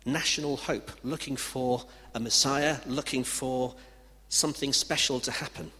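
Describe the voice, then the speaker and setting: A man preaching a sermon with emphatic delivery. He swings from loud declarations to hushed passages. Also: mid-range voice. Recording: reverberant hall with faint background noise.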